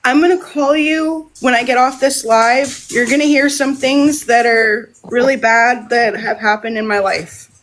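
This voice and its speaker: Woman live-streamer, slightly high voice, rambling and emotional, repeating herself. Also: unhurried, hardly any pauses, a bit bright, poor audio. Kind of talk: casual live stream monologue.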